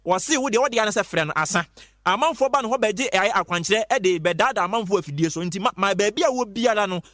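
A man presenting an advert on radio, fast and insistent, repeating his phrases. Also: high voice, animated, a bit bright, no echo, studio quality. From Ghana. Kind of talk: hyped radio advert pitch.

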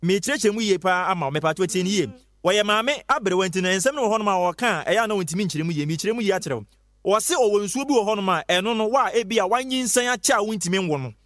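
A man presenting an advert on radio, fast and insistent, repeating his phrases. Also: high-pitched, lively intonation, fairly bright tone, no room sound. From Ghana. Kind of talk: hyped radio advert pitch.

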